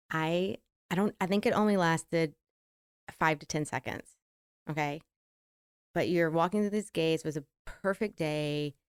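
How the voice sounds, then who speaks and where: A middle-aged woman with a country American accent, talking through her thoughts on a podcast in a rambling, reflective way and laughing easily. Her voice sits a little low and sounds smooth and resonant. The recording is dry and close. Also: no room sound. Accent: American rural. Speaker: podcast co-host. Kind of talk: casual chat.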